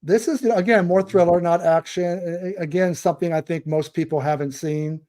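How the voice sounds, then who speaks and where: A man co-hosting a film podcast in relaxed, casual talk. His voice is mellow and a little high, and he pauses now and then with hesitant fillers. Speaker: podcast co-host. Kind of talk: casual film review chat.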